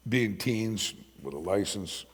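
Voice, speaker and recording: Husky gravelly middle-aged preacher, low voice, swings from quiet to loud, long echo in a big church hall. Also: male voice, animated, takes it slowly. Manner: storytelling, swings from hushed to emphatic. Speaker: pastor. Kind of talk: sermon. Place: church sanctuary.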